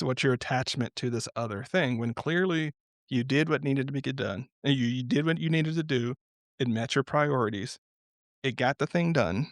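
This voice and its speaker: A man of ordinary pitch talks as a podcast guest, drifting between reflective thoughts and lively little stories. He laughs often as he explains things. The recording is close and dry, with no room sound. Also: dry recording. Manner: reflective, animated storytelling with frequent laughs. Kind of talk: unscripted podcast conversation.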